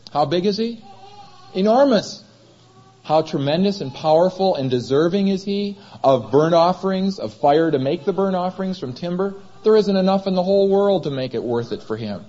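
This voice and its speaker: Guy preaching in a chapel, kinda husky, keeps firing questions at the crowd, dull lo-fi sound. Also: on the high side, darkish tone. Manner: asks the congregation rhetorical questions. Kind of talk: sermon.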